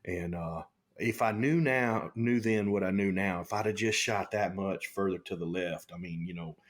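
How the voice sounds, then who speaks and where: Husky man telling a story. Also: low voice, normal speed. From Texas. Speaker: guest. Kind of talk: casual storytelling.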